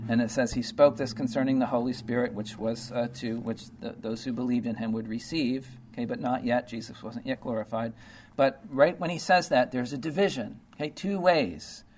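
A man's voice: medium pitch, fairly even intonation, moderate pace, a little mellow, slight background noise. A man preaching a sermon in a conversational way, reading scripture and explaining it with lots of "okay" and "you know".

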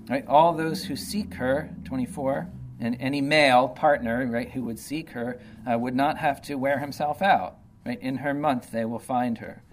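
A man teaching through Bible verses, reading passages slowly and then explaining them in a casual way with many fillers like "uh" and "you know.". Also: medium pitch, slight background noise. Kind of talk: informal Bible study talk.

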